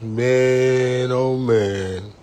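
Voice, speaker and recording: A man's voice: mid-range voice, steady tone, drawn-out words, darkish tone. A man hosting a casual livestream, rambling and profane, laughing often as he talks. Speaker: livestream host.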